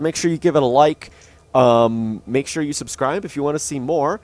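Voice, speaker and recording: A man's voice: mid-range voice, animated, brisk, no room sound. A young man giving casual, rambling commentary on his own gameplay, with many fillers and restarts, into a studio mic. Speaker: gaming channel host. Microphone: dynamic studio mic.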